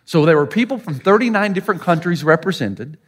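A man's voice: on the high side, fast, husky. A middle-aged man with an American Southern accent preaching a sermon, telling stories and acting out the people he quotes. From Southern United States. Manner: animated storytelling, voicing quoted people. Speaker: pastor.

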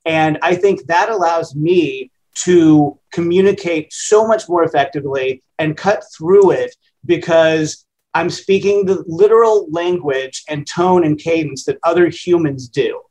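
A man's voice: on the high side, unhurried, darkish tone, rough recording. Plainspoken radio man in his fifties. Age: 50s. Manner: plainspoken, conversational, self-deprecating. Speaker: radio host. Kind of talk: casual interview answers.

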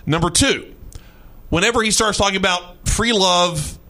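A man hosting a talk radio show, telling a strange story in an animated, mocking way and often repeating his words. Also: sits high, moderate pace. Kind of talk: casual storytelling chat.

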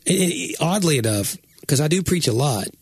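A middle-aged man, a pastor co-hosting a podcast, talking casually in a rambling, self-correcting way with sudden excited jumps in pitch. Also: normal speed, slightly rough, no echo. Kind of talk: casual chat.

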